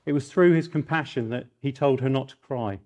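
A middle-aged man preaching a sermon, telling stories in a lively way and rising into mock outrage. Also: mid-range voice, fairly quick.

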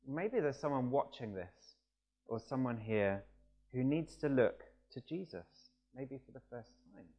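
A man's voice: medium pitch, measured pace, a little mellow, dull audio. A man preaches a sermon in a mid-range voice. His delivery is chatty and story-driven, and it builds into emphatic passages as he drives points home. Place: church, also streamed.

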